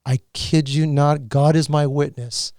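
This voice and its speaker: A man giving an emotional personal testimony as a podcast guest, earnest and halting, with many restarts. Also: a little high, fairly even intonation, a little mellow, dry recording, clean studio sound.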